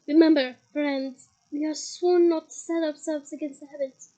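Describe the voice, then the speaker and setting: A woman voicing an angry, proud male centaur in a storybook reading, loud and scolding. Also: high voice, steady tone, normal speed, natural voice.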